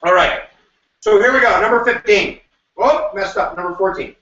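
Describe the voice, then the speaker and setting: Animated high-voiced male teacher in an echoey room. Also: moderate pace. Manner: animated, jokey, with sudden shouts and asides. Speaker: history teacher. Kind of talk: energetic classroom review lecture. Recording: echoey room, mic at a distance, dull sound.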